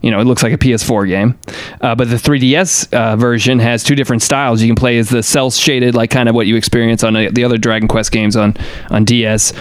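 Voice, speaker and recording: A man's voice: medium pitch, fairly even intonation, quick pace, dry recording. A young man co-hosting a podcast, chatting casually in a laid-back, rambling way with lots of fillers and the odd swear. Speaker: podcast co-host. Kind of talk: casual chat.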